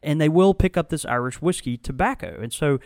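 A man talks casually as a host, his pitch swinging widely as he tells stories. He rambles and restarts often. The sound is dry and close, with little room in it. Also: fairly quick, dry recording. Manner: animated, storytelling with frequent restarts. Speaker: tobacco shop host. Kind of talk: casual conversational review.

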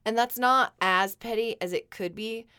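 A woman's voice: fairly high pitch, moderate pace, bright, forceful tone, clean tone. A woman co-hosting a podcast, chiming in with joking, supportive banter. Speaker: podcast co-host. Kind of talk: casual chat.

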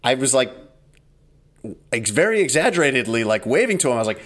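Casual podcast co-host, male, dry and a bit exasperated, middle pitch. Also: big pitch swings, fairly quick, a bit bright. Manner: storytelling, wry, exasperated. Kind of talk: casual chat.

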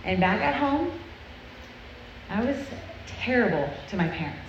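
A woman's voice: mid-range voice, very animated, a little slow, slight background noise. A woman delivers an earnest, confessional sermon to a group of girls, keeping it conversational with frequent check-ins to her listeners. Her voice carries through a roomy hall, slightly muffled, with faint ambience behind her. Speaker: speaker at a girls' church event.

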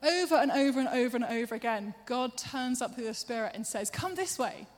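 A woman's voice: on the high side, brisk. Chatty woman preacher in a reverberant hall. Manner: chatty, self-deprecating asides. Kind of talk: sermon.

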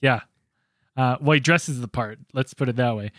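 A man's voice: medium pitch, normal speed, a bit bright, dry recording, studio quality. A man co-hosting a podcast, bantering loosely with jokes and swearing. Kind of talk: casual banter.

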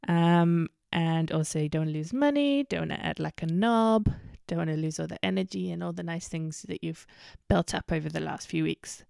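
A woman's voice: fairly low pitch, normal speed, gravelly, hardly any pauses, a little mellow, smooth, no echo, clean studio sound. A woman hosting a casual solo podcast, chatty and candid, with lots of ums and self-corrections. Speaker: podcast host.

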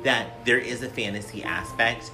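A man's voice: medium pitch, fairly even intonation, moderate pace, over music. A man hosting a casual podcast, talking in a sassy, campy and profane way with a somewhat whiny voice. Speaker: podcast host.

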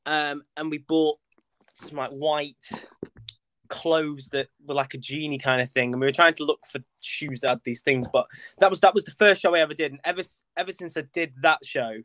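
A chatty young man talks as a guest on a podcast, camp and expressive. His voice is bright and slightly high. The sound is dry, with no room around it. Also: normal speed, dry recording. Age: young adult. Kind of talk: casual interview chat.

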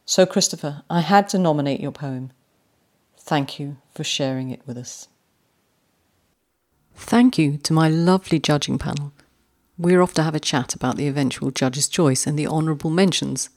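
A woman hosting a poetry podcast, speaking with warm enthusiasm and slowing down to savour lines read aloud. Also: low-pitched. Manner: animated, slows right down to read poems aloud. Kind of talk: podcast commentary on haiku.

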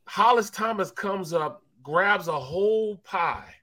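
Guy telling a funny story, slangy n lively, bright voice. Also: sits high, slow. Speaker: co-host, former football player. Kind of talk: casual storytelling.

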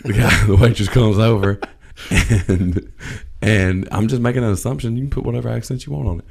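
Deep gravelly man telling a story. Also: a little fast. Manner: animated storyteller, swears freely, acts out voices. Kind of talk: casual chat.

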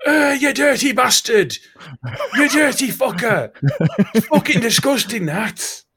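A man's voice: very high-pitched, lively intonation, unhurried, husky, pitched above the performer's own voice, full character voice. A man voicing a foul-mouthed male coworker who rants in disgust. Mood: disgusted ranting. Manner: shouted ranting.

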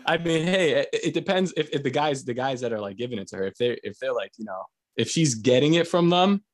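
A man's voice: mid-range voice, expressive, a little fast. A man hosting a podcast, telling stories in a casual, crude way and laughing often. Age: adult with young kids. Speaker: podcast host. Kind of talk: casual chat.

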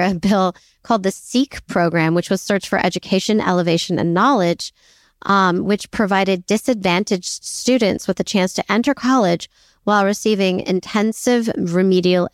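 A woman's voice: lowish voice, dry recording, studio quality. A woman co-hosting a podcast in casual chat, chatty and self-deprecating with many fillers. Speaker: podcast co-host.

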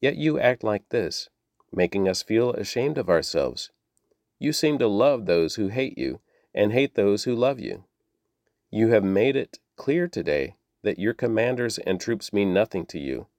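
A man's voice: fairly low pitch, animated, unhurried, darkish tone, dry recording, clean studio sound. A man reading the lines of a stern male army commander, blunt and scolding. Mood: rebuking.

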